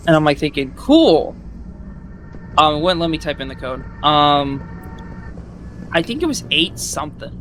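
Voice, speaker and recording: A man casually recapping a game he played, rambling and swearing, acting out his own thoughts with loud outbursts, with loud music behind. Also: fairly high pitch, moderate pace, slight background noise, low-quality recording. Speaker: gaming video host.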